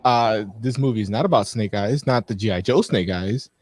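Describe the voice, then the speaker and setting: A man's voice: lowish voice, moderate pace, darkish tone, dry recording. A man co-hosting a live talk show, rambling casually through frank movie opinions with many restarts. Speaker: podcast co-host.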